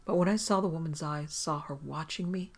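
A reader voicing a calm detective who speaks steadily and gently, with a gravelly, husky voice. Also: mid-range voice, brisk, lightly acted.

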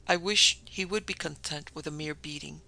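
A woman's voice: low voice, normal speed, vocal fry, pushed and bright, full character voice. A man voicing an anguished, pleading noblewoman. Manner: pleading, formal and tragic. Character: anguished noblewoman pleading with her old love.

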